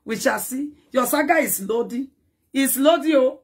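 A woman's voice: high-pitched, moderate pace, breathy edge. A woman ranting in a dramatic, scolding social media commentary, taunting and repeating herself.

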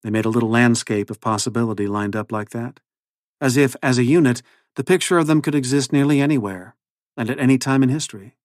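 A man's voice: mid-range voice, fast, no room sound. Man reading his novel in a dry close sound. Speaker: author.

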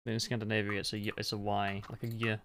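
A man streaming a video game, chatting in a relaxed, halting way and laughing easily. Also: lowish voice, noisy background. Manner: relaxed, halting, chuckles often. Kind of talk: casual gaming chat.

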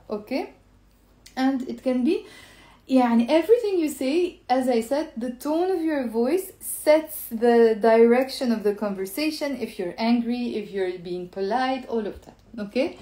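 Her pitch is fairly high but her tone is dark, and the sound is roomy. She's a Lebanese-accented woman streaming an Arabic lesson live from home, switching between English and Arabic while demonstrating different tones of voice.

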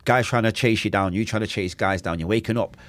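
A man's voice: on the low side, fast, fairly bright tone. A man with a Manchester accent, a podcast guest telling his story in a casual interview, acting out quotes and sound effects, with street slang. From Manchester, England. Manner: vivid storyteller, acts out quotes and makes gunshot sounds; street slang, swears oaths.

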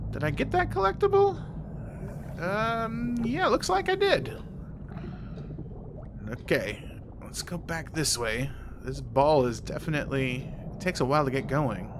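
A man's voice: fairly high pitch, noisy background. A man hosting a gaming channel, giving playful let's play commentary and chatting to the game characters. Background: game music.

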